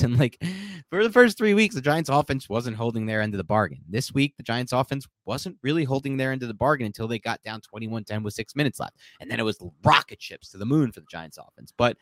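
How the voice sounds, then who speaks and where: Male sports podcast host, animated and opinionated, very dry close-miked sound. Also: medium pitch, no room sound. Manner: animated, opinionated, laughs mid-sentence. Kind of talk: casual sports talk.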